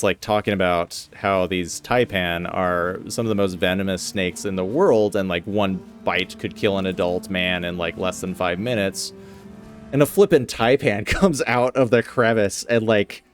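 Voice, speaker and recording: Rambling male streamer, low voice. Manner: rambling storyteller, laughs often. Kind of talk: casual gaming chat.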